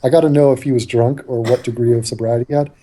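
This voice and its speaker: A man's voice: mid-range voice, fairly even intonation, fast talker, warm tone. A man co-hosting a podcast in loose, rambling, joking chat. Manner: rambling, joking, laughs often. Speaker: podcast co-host.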